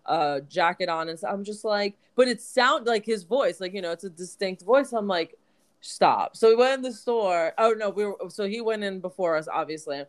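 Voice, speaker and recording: A woman's voice: mid-range voice, fairly quick, few pauses. A woman co-hosting a podcast, telling a story in casual chat, full of "like" fillers. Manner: chatty storyteller, many "like" fillers. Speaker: podcast co-host.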